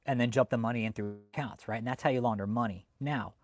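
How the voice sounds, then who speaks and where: A man hosting a livestream who rants heatedly, swears often and bursts out loudly as he talks to his chat. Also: medium pitch, fast talker. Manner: heated and swearing, with loud outbursts. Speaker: livestream host reading chat. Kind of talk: profane ranting live commentary.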